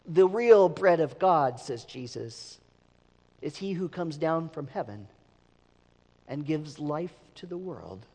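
A man's voice: a little high, expressive, slow pace, mellow. A man preaching a sermon as pastor, emphatic, sometimes repeating words as he restarts. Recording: long reverb of a large hall.

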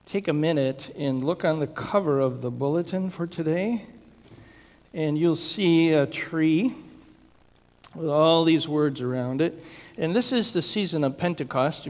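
A man preaching a sermon as pastor, slow and deliberate with emphatic stresses. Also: a little high, darkish tone. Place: church sanctuary. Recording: church hall reverb.

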